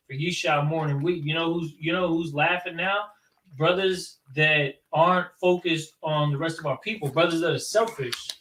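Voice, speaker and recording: A man's voice: fairly high pitch, slight background noise. Distant, echoey man reading scripture. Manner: slow, measured scripture reading; relaxed slang in talk. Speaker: scripture reader and co-teacher in the class. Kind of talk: reading verses aloud, then casual commentary. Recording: distant mic in an echoey room.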